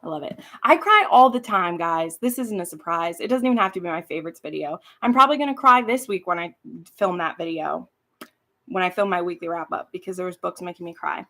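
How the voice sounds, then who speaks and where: A woman's voice: fairly low pitch, expressive, fairly quick, pushed and bright. A woman hosting a casual live stream, chatting in a rambling way, swearing freely and laughing easily. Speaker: booktube host. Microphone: streaming from home setup.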